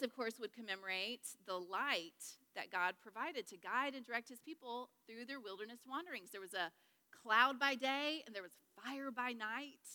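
Bright-voiced woman teaching Bible study. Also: fairly high pitch, big-room sound. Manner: chatty, jokey, checks in with the group. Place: large room with a group.

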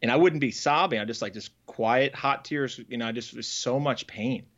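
A man speaks earnestly as an interview guest, recounting his past in a halting way, restarting his sentences as he goes. His voice sits at an ordinary pitch. The audio is slightly dull and lo-fi. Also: a bit bright. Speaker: guest, former farrier. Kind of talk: candid storytelling in an interview.

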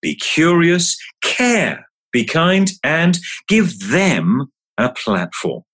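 A man on a podcast as a guest communication trainer, speaking slowly and emphatically as he coaches and guides a hypnosis. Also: a little high, sing-song, a bit bright. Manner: slow, emphatic, coaching delivery.

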